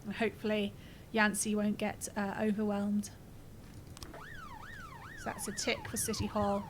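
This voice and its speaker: A woman's voice: medium pitch, wildly swooping pitch, measured pace, noisy background. Chatty woman streaming a game. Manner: chatty, reads game text aloud, swears and laughs freely. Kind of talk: casual gameplay commentary.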